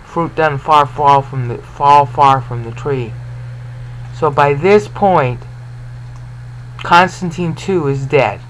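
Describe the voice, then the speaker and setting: A man talks through a scripture lesson at an unhurried, deliberate pace. His voice sits a little high for a man. He keeps turning to the listener with questions, and a faint noise hangs behind him. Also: a bit bright, rough recording. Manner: explanatory, repeats and restarts words, asks listener questions. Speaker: Bible teacher. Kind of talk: informal Bible lesson.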